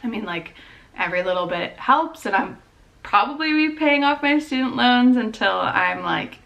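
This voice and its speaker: A woman's voice: fairly high pitch, lively intonation, normal speed, vocal fry, dull audio. A young woman in her twenties, a law student vlogging in a chatty, rambling, upbeat way as she goes about her day. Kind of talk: casual vlog chat. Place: out and about, car and campus.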